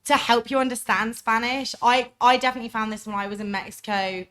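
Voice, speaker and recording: A young woman with a fairly high voice, co-hosting a podcast in casual chat. She talks loosely and relaxed, leaning on fillers as she goes. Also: fast. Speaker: podcast co-host.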